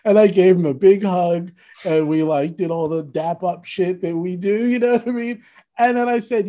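A relaxed man swaps stories in a loose, casual conversation. His voice is mellow and warm, and he breaks into laughter often. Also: sits high, normal speed. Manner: laid-back storyteller, laughs often. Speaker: musician guest. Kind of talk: casual storytelling chat.

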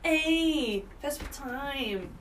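A woman's voice: sits high, animated, slow, fairly bright tone. Easygoing sweary young woman, distant mic. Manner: laid-back, sweary storytelling. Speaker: podcast co-host. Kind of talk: casual chat.

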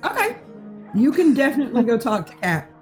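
A woman running a tabletop role-playing game as game master, playful and quick to laugh. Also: high voice, very animated, soft background music.

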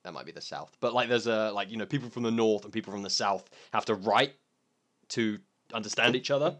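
A man's voice: fairly low pitch, brisk, a bit bright. A man with a North London accent in a casual chat, swearing and mimicking accents. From England.

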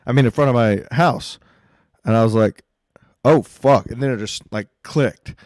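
A man's voice: mid-range voice, moderate pace, darkish tone, no room sound, studio quality. A man hosting a podcast, telling stories in casual chat with a laid-back, swearing manner. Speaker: podcast host.

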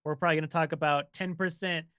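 Man, podcast guest, bright tone, easygoing, dry sound. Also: on the high side, fairly even intonation, no room sound. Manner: easygoing, quick to agree. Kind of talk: casual podcast chat.

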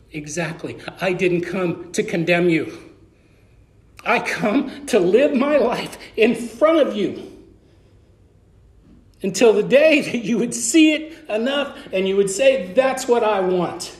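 A middle-aged man preaches as pastor in an echoing church sanctuary, speaking slowly and pausing often in an expressive, high-sitting voice as he tells a story and performs the dialogue.

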